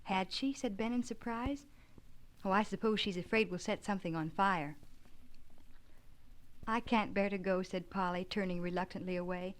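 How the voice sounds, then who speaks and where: A woman reading an abridged children's classic aloud, gently expressive, giving the children's lines a light lift. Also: mid-range voice, moderate pace, long pauses. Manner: gentle, expressive narration with lively dialogue. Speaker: audiobook reader. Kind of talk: storybook reading with light character voices.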